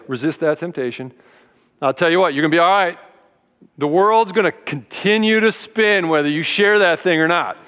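A man delivers a sermon in a relaxed, folksy, conversational way, joking now and then. His voice sits high for a man. The recording carries a long hall reverb, as in a church sanctuary. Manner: conversational, folksy preaching with humor. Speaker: pastor.

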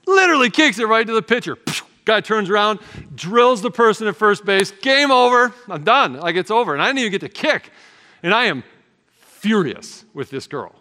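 A man's voice: high voice, very animated, normal speed, pushed and bright. A man preaching a sermon, telling a childhood story in an earnest, conversational way with casual fillers. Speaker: pastor. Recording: long hall reverb.

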